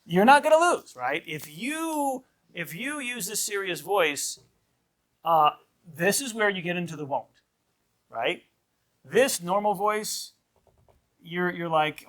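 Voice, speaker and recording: A priest teaching a marriage class in a conversational lecture style, often checking in with "right?" and acting out short quoted lines of kids and parents. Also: male voice, high voice, animated, slow pace, long pauses, fairly bright tone. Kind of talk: informal lecture.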